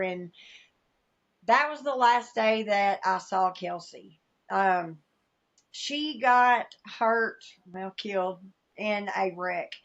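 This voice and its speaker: Southern woman guest, candid and emotional storyteller, mid pitch, slightly dull recording. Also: creaky, a bit bright. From American South. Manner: candid, emotional storytelling, acts out quoted voices. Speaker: podcast guest. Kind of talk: personal testimony in conversation.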